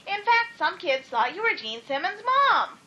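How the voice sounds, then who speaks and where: A woman's voice: very high voice, big pitch swings, a little slow, pushed and bright, pitched above the performer's own voice, exaggerated voice. A woman voicing a cheeky teenage girl with a sassy manner.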